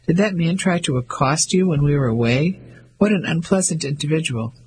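A man's voice: on the high side, expressive, fairly quick, darkish tone, natural voice, poor audio. A man voicing a proper, disapproving English lady who talks in a prim, scolding way.

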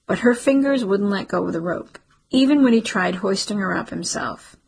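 Woman, audiobook narration, steady and measured, very husky, gravelly. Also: medium pitch, low-quality recording. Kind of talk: scripted narration.

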